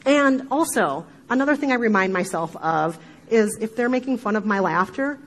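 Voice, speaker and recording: A middle-aged woman with a Midwestern accent, giving an animated talk to a live audience, with emphatic asides and frequent laughter. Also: a little high, moderate pace, a little hiss or hum, poor audio. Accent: Midwestern American. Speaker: podcast speaker giving a talk.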